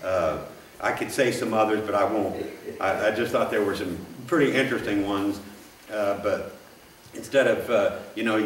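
A man's voice: lowish voice, normal speed, a little hiss or hum. A man preaching a sermon in a church, folksy and rambling, with frequent restarts and asides. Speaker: pastor. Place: church sanctuary. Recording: roomy, from a distance.

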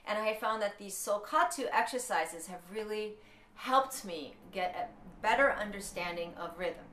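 A woman's voice: medium pitch, pushed and bright, slight background noise. A woman teaching a rhythm lesson, who explains patterns and chants counted syllables aloud. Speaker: music teacher. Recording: echoey room.

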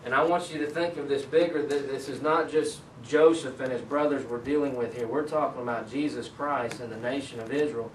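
A man's voice: medium pitch, steady tone, brisk, hardly any pauses. A man leading a Bible study, reading scripture aloud and then explaining it in a conversational way. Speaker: Bible teacher. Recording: echoey room, mic at a distance, faint ambient noise.

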